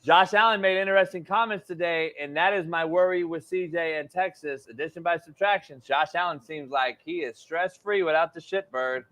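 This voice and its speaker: Brief: male sports host, slightly high voice, excitable and loose. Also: moderate pace, hardly any pauses. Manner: excitable, repeats words, swears casually. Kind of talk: casual sports talk.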